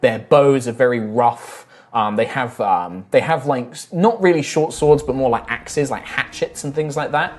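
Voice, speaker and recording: A man's voice: mid-range voice, normal speed, hardly any pauses. A man narrating as game master for a tabletop game, describing scenes in a loose, rambling way with many fillers and restarts.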